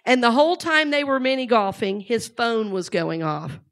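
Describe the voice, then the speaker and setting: A woman's voice: a little high, sing-song, moderate pace, a bit bright. Chatty woman addressing a live audience. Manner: conversational, asks the audience questions. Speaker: speaker.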